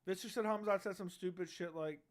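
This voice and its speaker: A brash young livestream host with a high-sitting voice talks a little fast. Into his studio dynamic mic, he reads chat and trades loose banter peppered with slang and swearing.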